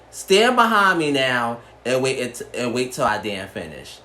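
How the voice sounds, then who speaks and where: A man's voice: medium pitch, animated, normal speed, hardly any pauses, bright, forceful tone. Sassy man telling a story in a roomy space. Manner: sassy, blunt, swears freely. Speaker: vlogger. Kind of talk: storytime vlog. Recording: roomy echo, faint background noise.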